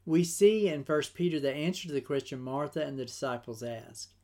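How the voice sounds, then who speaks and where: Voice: medium pitch, fairly quick, dark tone. A Bible study teacher giving a scripted devotional lesson in an earnest, emphatic way, with a few restarts.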